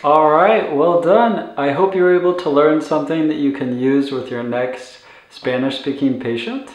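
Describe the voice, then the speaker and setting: A man teaching a language lesson for medical staff, patiently repeating each phrase slowly for learners. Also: on the high side, echoey room, poor audio. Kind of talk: instructional lesson.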